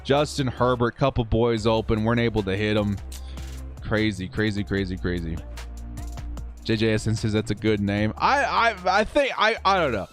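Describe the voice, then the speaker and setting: A man's voice: mid-range voice, animated, brisk, few pauses, a bit bright, soft background music. A young man hosting a live stream, calling a football video game and chatting with viewers in a casual, upbeat way, laughing often and repeating words. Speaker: streamer and host of a football simulation channel. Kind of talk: live stream game commentary with chat replies.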